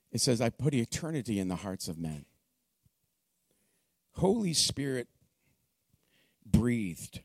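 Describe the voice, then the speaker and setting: A man preaching to a congregation, moving from joking, conversational asides to shouted, fervent proclamation. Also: mid-range voice, no room sound. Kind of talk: sermon.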